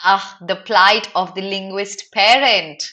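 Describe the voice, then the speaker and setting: A young Indian woman teaching English in a live online class, explaining an article lively and asking her students questions. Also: medium pitch, slow pace. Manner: animated, asks students questions, addresses viewers by name.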